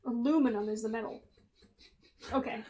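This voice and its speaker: An American woman streaming, chatting casually in an animated, incredulous way. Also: a little high, moderate pace, a crowd in the background. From United States. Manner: animated, incredulous, laughs a lot. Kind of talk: casual livestream chat.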